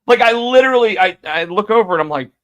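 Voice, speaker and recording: A man's voice: high-pitched, expressive, fast talker. A man co-hosting a podcast, telling stories in a rambling, casual way and acting out the quotes. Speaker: podcast co-host. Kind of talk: casual chat.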